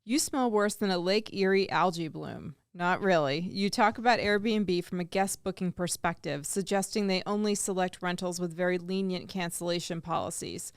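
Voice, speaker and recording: A woman's voice: on the low side, normal speed, hardly any pauses, smooth, no room sound. A woman co-hosting a radio show, reading listener letters aloud in an upbeat, amused way into a studio microphone. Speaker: radio co-host.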